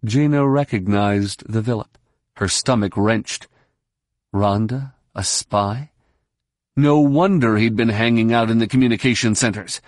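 A man reading a novel aloud in steady scripted narration. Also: fairly low pitch, unhurried, dry recording, clean studio sound. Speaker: audiobook narrator.

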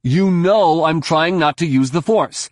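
A man voicing a determined young male Jedi who shouts urgent orders, read as an audiobook character voice. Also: a little high, unhurried, no room sound, pitched above the performer's own voice, lightly acted. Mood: strained.

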